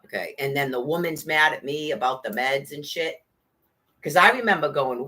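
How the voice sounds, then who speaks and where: A woman's voice: deep voice, moderate pace, pushed and bright. A woman in an angry, profane rant, firing off sarcastic rhetorical questions.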